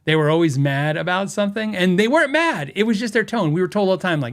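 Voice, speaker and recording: A podcast host with a fairly high voice for a man tells a story in a loose, rambling way. He restarts sentences and laughs often as he talks. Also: expressive, quick pace. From western United States.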